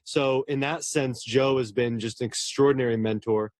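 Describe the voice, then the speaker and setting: A man's voice: medium pitch, steady tone, normal speed, no echo, clean studio sound. A man, a horror novelist, talking earnestly and at length in a casual interview, often restarting his words.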